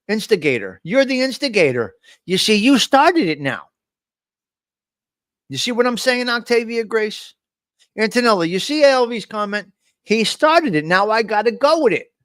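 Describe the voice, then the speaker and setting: A man's voice: sits high, fairly bright tone, no room sound, clean studio sound. A man hosting a casual live stream, joking loosely and calling out his chat viewers by name. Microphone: desk microphone.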